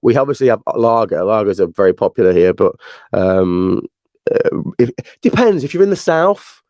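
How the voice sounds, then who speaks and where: A man's voice: on the low side, expressive, moderate pace, darkish tone, no room sound. Laughing Northern English man guest. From England. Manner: laughing easily, hesitant with fillers. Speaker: podcast guest. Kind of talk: casual interview chat.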